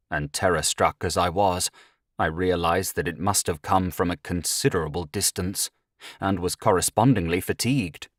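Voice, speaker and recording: A man's voice: low-pitched, dry recording, studio quality. A man reading a horror story aloud as first-person audiobook narration, with dramatic rises at tense moments.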